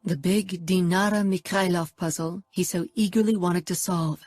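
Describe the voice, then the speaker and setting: A woman reading a first-person romance audiobook in a steady, intimate narration. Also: on the low side, moderate pace, no room sound, clean studio sound, faint music behind.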